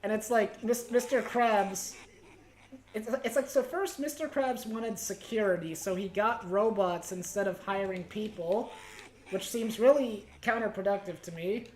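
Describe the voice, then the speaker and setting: A woman streaming a game, chatting casually in a rambling, giggly, bemused way. Her voice sits at an ordinary middle pitch. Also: unhurried, darkish tone, slight background noise.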